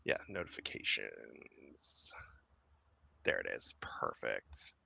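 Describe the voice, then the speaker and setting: Slow, bright-voiced rambling male host. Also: extremely low pitch, big pitch swings, vocal fry, breathy edge, whispered. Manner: rambling, lots of fillers and laughs. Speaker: podcast host. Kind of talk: casual chat.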